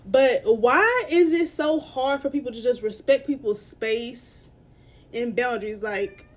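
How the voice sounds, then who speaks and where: A woman's voice: fairly high pitch, measured pace. A young woman from Dallas, upset and close to tears as she tells a story to her phone camera. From Dallas, Texas. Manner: upset, near tears, irritated. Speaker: vlogger telling a story.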